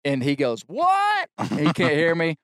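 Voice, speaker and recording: A middle-aged man on a podcast telling a long funny story, animated and shouting out the lines he quotes. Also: a little high, moderate pace, clear, resonant tone, no room sound, studio quality. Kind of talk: casual storytelling chat.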